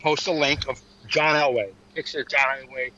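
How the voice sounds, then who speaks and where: Male comedian host, animated and crude storyteller; tense bright tone, slightly muffled recording. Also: a little high, fairly quick, a little hiss or hum. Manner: profane, animated, mocking. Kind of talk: casual chat, storytelling.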